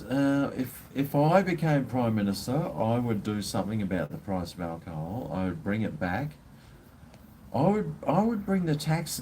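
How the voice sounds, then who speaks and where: Casting: Australian bloke, live-stream host, sweary and rambling, faint background hum. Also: male voice, mid-range voice, darkish tone. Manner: rambling, blunt, swears freely. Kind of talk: casual live-stream chat.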